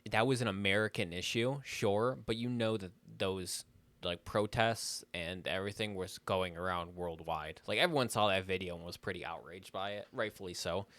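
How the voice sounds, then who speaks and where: A man's voice: deep voice, moderate pace, fairly bright tone, no echo. A young man co-hosting a podcast in casual chat, rambling and losing his train of thought. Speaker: podcast co-host.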